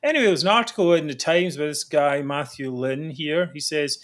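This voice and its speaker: A man's voice: on the high side, brisk, a bit bright. A man hosting a live political talk show, chatty and sardonic, with mocking asides. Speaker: host.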